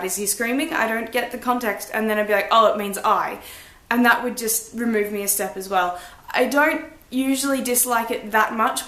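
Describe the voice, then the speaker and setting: Young female book vlogger, higher pitch, frank and self-mocking, roomy sound. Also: a bit bright. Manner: blunt, chatty, self-deprecating. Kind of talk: casual book review vlog.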